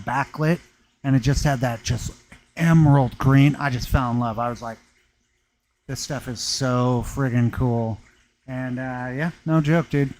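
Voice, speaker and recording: A man's voice: medium pitch, slight background noise, poor audio. Man, laid-back, slangy, casual live chat, workshop, laughs often. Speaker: workshop vlogger talking to live viewers. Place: stone-working workshop.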